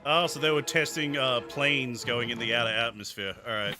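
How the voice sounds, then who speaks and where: A man's voice: mid-range voice, moderate pace, bright, forceful tone. A man streaming live, reacting casually to old TV clips with wisecracking asides. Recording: music playing behind.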